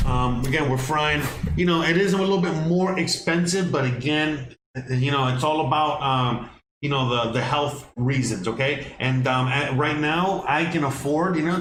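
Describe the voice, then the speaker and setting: A man hosting a casual cooking livestream from his home kitchen, rambling with lots of fillers and restarts. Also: medium pitch. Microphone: microphone on kitchen counter setup. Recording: echoey kitchen with background noise.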